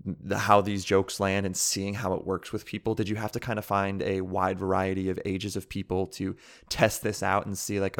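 A man's voice: low voice, level tone, normal speed, fairly bright tone. A man hosting a podcast interview, asking long, rambling, chatty questions. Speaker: podcast host. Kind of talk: casual interview.

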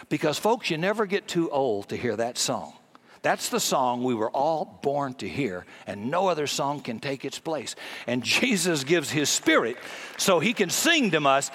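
A man preaching a sermon, emphatic and folksy, with loud peaks on key points and casual asides. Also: mid-range voice, animated, unhurried. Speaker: pastor.

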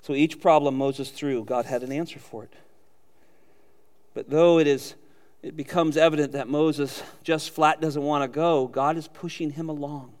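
A male pastor preaching with a fairly high voice and lively delivery. He acts out quotes in character and chuckles often as he talks. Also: normal speed, big-room sound. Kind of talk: sermon.

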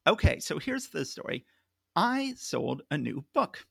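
A podcast host talks through his news in a chatty, storytelling way, laughing often as he goes. His voice is a slightly raised, gravelly man's voice with a husky edge. The close mic keeps the room dry. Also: a little high, sing-song, measured pace, no room sound. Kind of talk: casual podcast chat.

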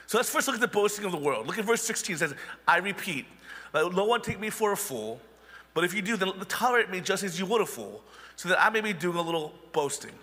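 Casting: high-pitched male pastor, conversational sermon, reverberant church hall. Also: big pitch swings, fast talker, bright, forceful tone. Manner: conversational preaching with wry asides.

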